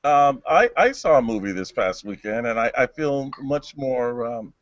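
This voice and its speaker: Lively-voiced man cohost on a muffled call. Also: mid-range voice, normal speed, dry recording. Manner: playful, self-mocking. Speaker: show host. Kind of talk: casual chat. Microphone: video call. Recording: dry muffled video call audio.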